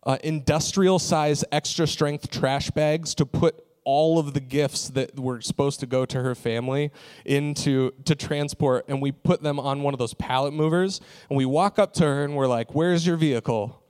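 A man's voice: fairly high pitch, fairly even intonation, normal speed, darkish tone, clear, resonant tone. Man telling a story in a sermon. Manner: conversational storytelling with fillers. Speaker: pastor.

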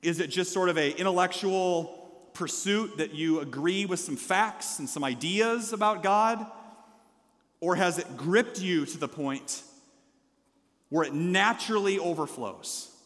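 A male pastor preaching a sermon, energetically leading the congregation in call-and-response and dropping into quiet asides. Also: high-pitched, measured pace, big-room sound. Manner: shifts between loud exhortation and quiet asides. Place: church sanctuary.

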